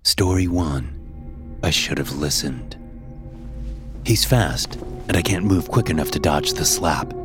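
Very deep-voiced male horror narrator. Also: animated, a little slow. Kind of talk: first-person horror story reading. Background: music.

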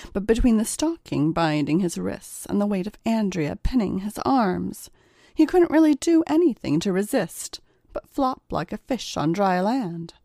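A woman narrates an erotic audiobook in a calm, measured way. She reads slowly, with a dark, mellow tone. The recording is dry and close. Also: mid-range voice, creaky, no room sound.

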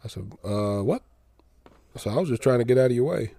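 A man, telling a long story in casual podcast chat and acting out both sides of the quarrel in a drawling, deadpan way. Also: medium pitch, fairly quick, vocal fry, dry recording. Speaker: podcast co-host.

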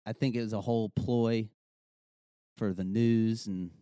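A man's voice: fairly low pitch, fairly even intonation, warm tone, clear, resonant tone, dry recording. A man hosting a podcast segment in casual chat, trailing off and restarting his sentences. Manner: halting, trails off, loose and profane. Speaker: podcast co-host running the segment.

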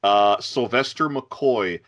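A man's voice: mid-range voice, slow, a bit bright. A man co-hosting a podcast, talking earnestly and with enthusiasm, often stammering as he starts his sentences. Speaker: podcast co-host. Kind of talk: casual chat.

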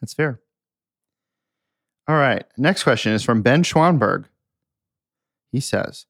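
A young man with a gravelly, creaky edge to his voice chats quickly and loosely, full of fillers. He co-hosts a casual podcast and reads out listener questions. The sound is close and dry. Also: mid-range voice, no echo. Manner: chatty, quick, laughs easily, lots of fillers. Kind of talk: casual internal company podcast.

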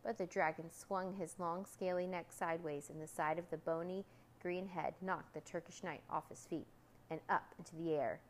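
A woman reading a children's storybook aloud in a calm, steady way. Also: lowish voice, normal speed, slight background noise.

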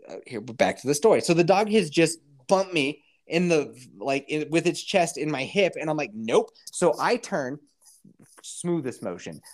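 A man spins a comic tale with a lively, swooping voice that rises and drops all through the telling. His talk is casual and full of swearing, and he breaks into quick impressions of how others reacted. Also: a little high. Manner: animated, profane, acts out others' reactions.

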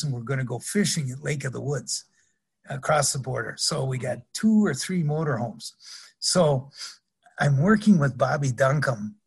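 Older man, husky rambling storyteller. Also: medium pitch. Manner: rambling anecdotes with repeated restarts and laughs. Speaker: guest, former pro wrestler. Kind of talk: storytelling interview.

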